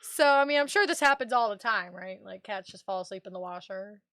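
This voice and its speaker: A woman's voice: mid-range voice, animated, fairly quick, sharp tone, dry recording. A woman co-hosting a casual comedy podcast, reading out odd news stories with giggles and jokey asides. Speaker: co-host.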